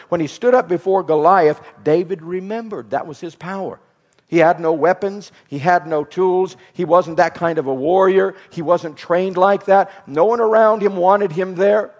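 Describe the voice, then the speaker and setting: A man preaching a sermon with an emphatic, repetitive cadence. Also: high-pitched. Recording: reverberant hall.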